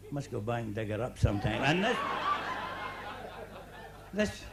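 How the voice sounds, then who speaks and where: A man's voice: medium pitch, sing-song, unhurried, creaky. A Scottish man working a live crowd as a stand-up comic, with a middling voice and a loose, chatty rhythm that keeps throwing "you know" and "eh?" at the room. The recording is noisy, with a live club audience laughing around him. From Scotland. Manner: chatty joke-telling patter with "you know" and "eh?" tags. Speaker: comedian. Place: comedy club stage before a live audience.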